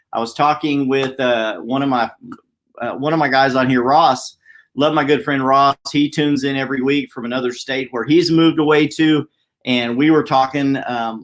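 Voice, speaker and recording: Man host, quick chatty motivational live-stream talk, mid-pitched, office setting. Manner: fast-talking, upbeat, chatty. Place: downtown office.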